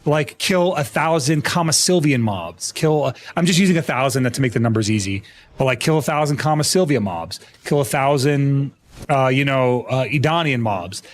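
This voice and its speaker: A man's voice: mid-range voice, normal speed. A young American man chatting casually on a gaming livestream, rambling and profane as he tells stories and greets viewers. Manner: rambling, profane, animated storytelling. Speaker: streamer.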